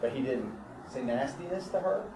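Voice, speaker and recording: A man's voice: mid-range voice, expressive, moderate pace, noisy background. A man preaching a sermon, reading scripture with rising fervor and then telling everyday stories in a conversational way. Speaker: pastor. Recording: echoey room, far from mic, crowd.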